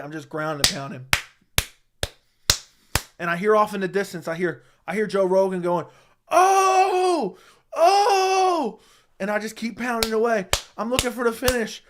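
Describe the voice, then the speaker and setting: A young man hosting a casual livestream, answering chat with crude, mocking trash talk and frequent laughter. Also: sits high. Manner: laughs often. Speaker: livestream host.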